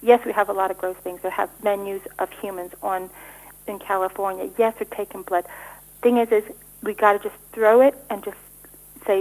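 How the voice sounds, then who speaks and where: A middle-aged woman giving rambling interview answers, talking rapidly with frequent restarts and stumbles. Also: medium pitch, steady tone, darkish tone, rough recording. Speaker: interview guest.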